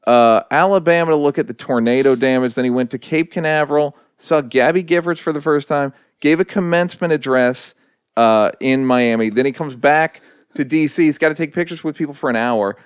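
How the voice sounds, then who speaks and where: A man's voice: on the high side, fairly quick, clear, resonant tone, dry recording. Male guest, dry wry storyteller, swears freely, close dry recording. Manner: profane, dry storytelling with quoted impressions. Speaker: guest comedian. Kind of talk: casual podcast storytelling.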